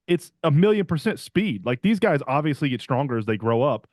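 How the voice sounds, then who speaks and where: A man's voice: on the high side, sing-song, a little fast, darkish tone, no echo, studio quality. A young man co-hosting a podcast, chatting eagerly about football and saying "like" a lot. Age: young adult. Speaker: podcast co-host. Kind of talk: casual sports chat.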